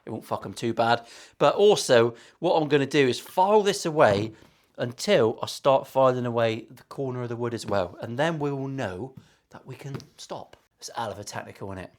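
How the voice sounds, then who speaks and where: A man's voice: mid-range voice, normal speed. A man in his forties with an English West Country accent, a guitar maker chatting through a workshop build with cheeky, sweary, self-mocking banter. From England. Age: 40s. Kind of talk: casual workshop vlog.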